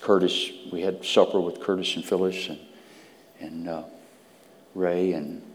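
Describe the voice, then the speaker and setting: A low-voiced man preaching a sermon. He drops to hushed whispers, then climbs to loud, emphatic peaks. His voice rings with a long reverb, as in a church sanctuary. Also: little pitch movement, a little slow, a little hiss or hum.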